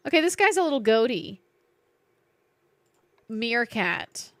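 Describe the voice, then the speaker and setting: A woman's voice: a little high, lively intonation, measured pace, pauses often, fairly bright tone, dry recording. A woman with a Southern accent, chatting playfully with viewers while streaming a game. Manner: playful, chatty, reacting and greeting chat. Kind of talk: live-streamed gameplay chat.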